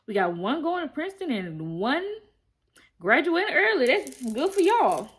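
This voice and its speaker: A woman's voice: on the high side, big pitch swings, moderate pace. A young woman vlogger giving a casual, chatty recap of a TV episode, acting out quoted lines and addressing viewers directly. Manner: chatty storytelling, acts out quoted lines, talks straight to viewers. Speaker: TV review vlogger.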